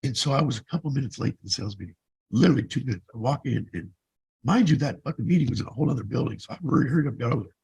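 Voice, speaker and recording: A man's voice: medium pitch, animated, racing, vocal fry, a little mellow, breathy edge, rough recording. A man in his fifties who vlogs, telling his own story in a blunt, profane, rambling way. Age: 50s. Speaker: vlogger. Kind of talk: casual personal storytelling.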